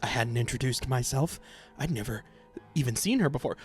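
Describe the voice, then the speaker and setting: A man's voice: medium pitch, fairly quick, soft background music. A man streaming a visual novel, reading its text aloud and breaking off into sarcastic, profane commentary with frequent laughs. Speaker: let's play streamer.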